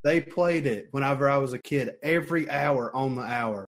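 Man, casual co-host, relaxed and profane, quick to laugh, mid-pitch. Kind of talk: casual chat.

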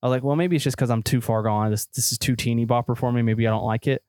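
Fast-talking excitable man, movie chat. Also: medium pitch, dry recording, clean studio sound. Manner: excitable, crude jokes, many fillers. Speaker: podcast co-host.

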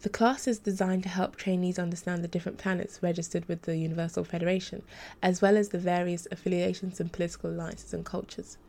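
A woman's voice: lowish voice, flat delivery, fast, creaky, dark tone. A woman reading the part of a troubled young female angel tutor in a formal, hesitant, restrained way. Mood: earnest.

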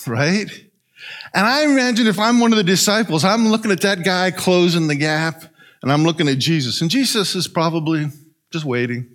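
A man preaching a sermon, retelling a story in an animated way and often asking "right?". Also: high voice, moderate pace. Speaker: pastor.

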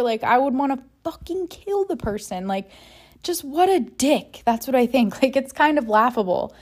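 A woman's voice: sits high, lively intonation, moderate pace. A woman talking in a candid personal monologue, emotional and frank, swearing freely and rambling with many "like" fillers.

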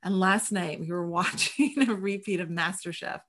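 Woman host, lively and emphatic, quick to laugh, warm chat energy. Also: lowish voice. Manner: animated, emphatic, laughs often. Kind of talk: casual conversation.

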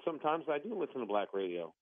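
A man's voice: mid-range voice, sing-song, no room sound. Flustered man on a phone line. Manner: defensive, quick to get worked up, then apologetic. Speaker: prank call target. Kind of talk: phone call. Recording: tinny phone line, dry.

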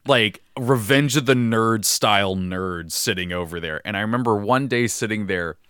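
A man's voice: lowish voice, moderate pace, bright, forceful tone, clear, resonant tone, dry recording, clean studio sound. A young man co-hosting a casual podcast chat about tabletop games, laughing often and restarting sentences. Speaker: podcast co-host.

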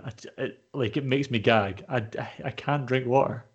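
A man's voice: medium pitch, expressive, moderate pace, lo-fi sound. A man co-hosting a podcast who jokes crudely and gives blunt opinions in casual banter. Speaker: podcast co-host.

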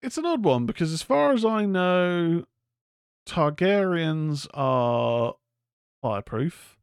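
A man's voice: fairly high pitch, animated, takes it slowly, clean tone, no echo, studio quality. A man co-hosting a podcast, recapping a TV episode in casual, hesitant chat with lots of fillers. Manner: rambling, hesitant with many fillers. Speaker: podcast co-host.

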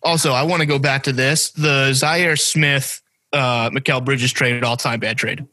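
A man's voice: medium pitch, steady tone, a little slow, bright, forceful tone, no room sound. A young man, co-hosting a casual sports podcast, rambling and joking with casual swearing. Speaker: podcast co-host.

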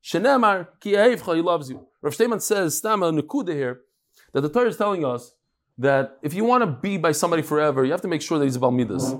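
A man teaching a live daily Talmud class, talking quickly and animatedly, with frequent restarts and Hebrew terms. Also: fairly high pitch, animated.

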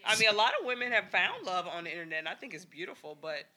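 A woman's voice: lowish voice, animated, very fast, a loud crowd. A woman guest host on a casual podcast, dry and evasive while she laughs things off. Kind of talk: casual chat.

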